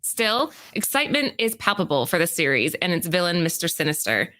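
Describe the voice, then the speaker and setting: Female podcast co-host, slightly low voice, steady reading of sales segments. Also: fairly quick. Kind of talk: reading prepared segments and casual chat.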